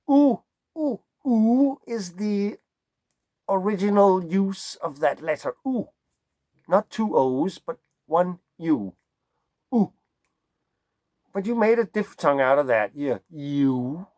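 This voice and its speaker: A man's voice: sits high, darkish tone, no room sound. A man from Denmark with a Danish accent, a songwriter musing in a rambling, digressive way and playing with vowel sounds. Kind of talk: casual musing monologue.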